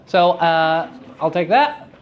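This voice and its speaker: A man teaching verse speaking to high school students in a live lecture, with a playful and teasing manner. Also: animated, slow, lo-fi sound. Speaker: drama teacher giving a lecture. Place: school room at a theater festival.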